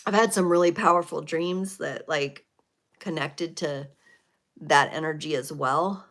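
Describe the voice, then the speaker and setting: A woman's voice: low voice, a little slow, a bit bright. Reflective woman giving a live tarot reading. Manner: reflective, spiritual, with many fillers and restarts. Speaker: tarot reader and livestream host.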